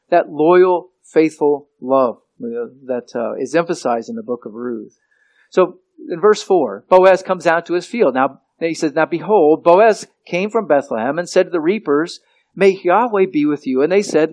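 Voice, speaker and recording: A man preaching an expository sermon, often repeating words and slowing down to stress key phrases. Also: a little high.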